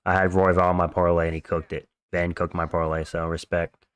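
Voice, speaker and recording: A man's voice: deep voice, flat delivery, a little fast, fairly bright tone, clear, resonant tone, no echo. A man hosting a livestream, chatting casually in slang while reacting to fights and thanking viewers for donations. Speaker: livestream host. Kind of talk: casual live fight-watch commentary.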